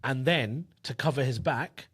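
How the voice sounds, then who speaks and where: A comedian talking in a deadpan, rambling way during comedy podcast banter. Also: male voice, mid-range voice, measured pace, slightly rough.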